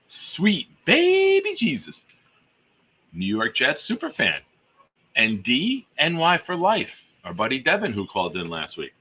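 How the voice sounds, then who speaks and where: With a husky, mid-range voice, a man running a live fan show calls out gifted memberships from the chat. He hypes up each one with exuberant shout-outs.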